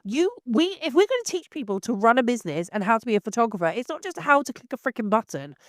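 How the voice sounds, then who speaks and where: A woman's voice: on the high side, big pitch swings, fast, no echo, studio quality. A woman sounding unwell as she hosts a solo podcast, ranting in a blunt, exasperated way. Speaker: podcast host.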